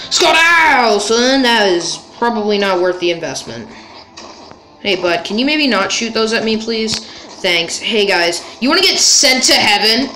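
A woman giving playful, exasperated commentary over her gameplay, and her voice rises and falls a lot. She chats to the characters on screen and breaks into yelps now and then. The room sounds roomy, with game music playing clearly behind her. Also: a little high, pushed and bright. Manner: bursts into yelps and laughs. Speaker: gaming video creator.

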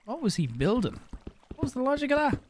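A man's voice: extremely high pitch, fast talker. A young Irish man chatting casually while he plays a game on a live stream, rambling, swearing and thanking viewers for donations. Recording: steady background noise with mouse clicks.

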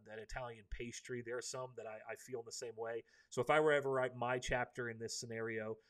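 Earnest man preaching through a book. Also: medium pitch. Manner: earnest and preachy, many ums and restarts. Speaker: host of a live book discussion. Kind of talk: live faith-based book discussion.

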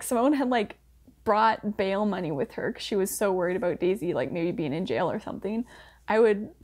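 A woman's voice: medium pitch, a little mellow. A young woman reviewing a TV series in casual chat, talking with lots of "like" fillers and small laughs. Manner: chatty, filler-heavy with frequent "like", laughing asides. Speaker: book reviewer.

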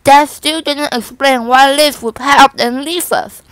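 A woman's voice: high-pitched, fairly even intonation, unhurried, no echo, pitched above the performer's own voice. A woman reading the part of an eager young schoolgirl who speaks urgently in a storybook. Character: eager young schoolgirl, worried about her class pet.

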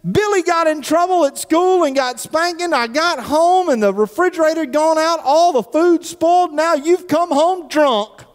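A man voicing a frantic, weeping wife in a joke, in a shrill and overwrought voice, echoing in a church hall. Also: normal speed, hardly any pauses. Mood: distraught.

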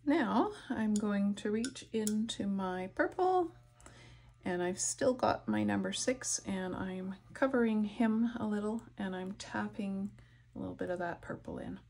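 A soft-spoken woman narrating a painting tutorial, her voice dropping to whispers as she concentrates. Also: medium pitch, unhurried, gravelly, a little hiss or hum. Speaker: art instructor.

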